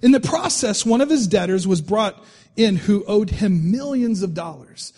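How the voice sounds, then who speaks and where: A man's voice: high-pitched, expressive, normal speed, a little mellow, in a large hall. A male pastor preaching a sermon in a conversational way, reading scripture aloud and often repeating his words.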